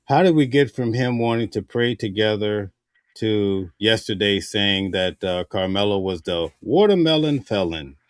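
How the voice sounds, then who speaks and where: A man hosting an interview, asking measured, probing questions. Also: lowish voice, lively intonation, no echo, studio quality. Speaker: host.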